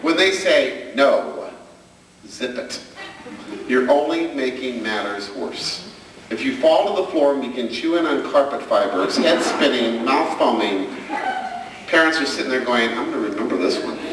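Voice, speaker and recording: A man's voice: medium pitch, expressive, normal speed, background noise. A middle-aged man giving a humorous stage talk on parenting, telling stories and asking the audience questions. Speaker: speaker on parenting. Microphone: far camcorder. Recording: echoey camcorder recording from far off.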